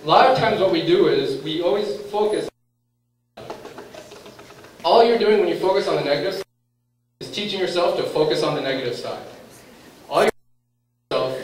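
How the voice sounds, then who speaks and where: A man's voice: a little high, moderate pace, pauses often. A man giving a lecture, quizzing his audience and acting out the thoughts going through someone's head. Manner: questions the audience and acts out inner thoughts. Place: lecture room. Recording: very echoey room, voice far from mic, faint background noise.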